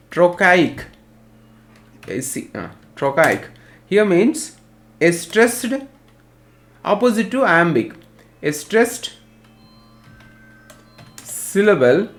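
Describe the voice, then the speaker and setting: An Indian English man teaches literature over an online class at a slow, careful pace. He spells out terms letter by letter and repeats each definition so students can note it down. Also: sits high.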